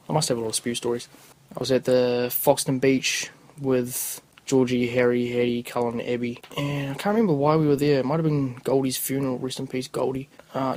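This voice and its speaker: A man's voice: medium pitch, poor audio. A young man with a New Zealand accent, a podcast host telling rambling, crude stories in casual slang. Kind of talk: casual storytelling.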